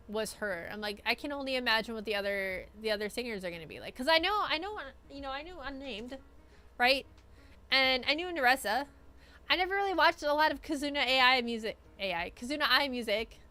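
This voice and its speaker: A young adult woman streamer telling a story in casual chat, excitable, filling her talk with "like" and swinging between loud bursts and mumbled asides. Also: high-pitched, smooth. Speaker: streamer recapping an event.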